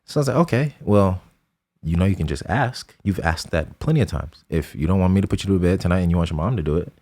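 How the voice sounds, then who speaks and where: A man's voice: deep voice, lively intonation, quick pace, warm tone. A young adult man co-hosting a podcast, telling an earnest, reflective story about his son in casual conversation. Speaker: podcast co-host, father.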